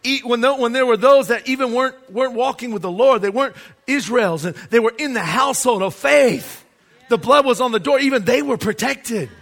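A man's voice: very high voice, brisk, creaky, a bit bright. A man preaching a sermon as pastor, emphatic and asking the congregation rhetorical questions.

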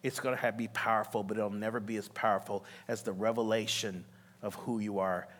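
A man preaching a sermon, telling a story with lively acted-out voices and calling out to the congregation. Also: fairly low pitch, a little fast. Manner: animated storytelling, acts out voices, laughs, calls to congregation. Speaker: pastor.

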